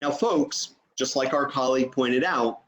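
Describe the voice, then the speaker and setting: A man's voice: mid-range voice, measured pace, fairly bright tone. A man teaching an online training session over a video call, explaining step by step and checking in with "okay?".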